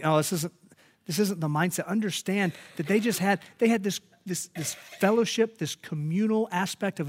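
A man's voice: sits high, a little fast. A man preaching a sermon, telling stories and rising to emphatic peaks. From United States. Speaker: pastor.

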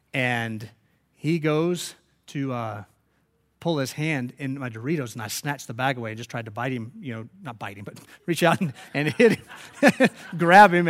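A man preaching a sermon, telling stories and rising to emphatic peaks. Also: fairly high pitch. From United States. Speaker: pastor.

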